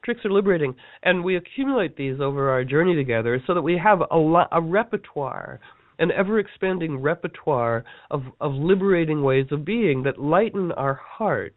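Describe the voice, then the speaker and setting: A man teaching a workshop in a casual storytelling talk, animated and playful, acting out the people he quotes. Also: on the high side, normal speed, no echo. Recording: dry tinny phone-like line.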